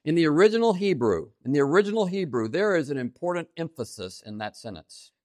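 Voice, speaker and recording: A man preaching a sermon, stressing key phrases by repeating them and swinging between loud emphasis and quiet asides. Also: on the high side, big pitch swings, quick pace, no echo, clean studio sound. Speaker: pastor.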